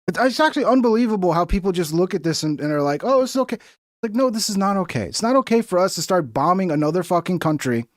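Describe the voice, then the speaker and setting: A young man on a stream rants about the news in casual political commentary that is heated, profane and rambling. His voice sits high with a darkish tone, recorded at studio quality with no room sound.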